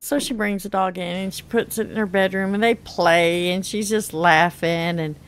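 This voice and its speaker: A woman with a middle-pitched voice chats casually through a long personal story while playing a game. She laughs often and throws herself into every quote, jumping high or dropping to a hushed aside. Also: fairly even intonation, moderate pace, a little hiss or hum. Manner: chatty, laughs often, acts out quotes with big pitch jumps. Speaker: gaming channel host.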